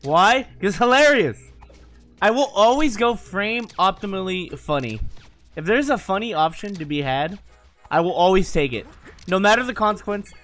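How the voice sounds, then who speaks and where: A young man spins a casual story in a high, bright voice that swings widely up and down. He talks in an animated, profane way and often breaks into laughter. Faint music plays behind him. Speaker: gamer telling stories.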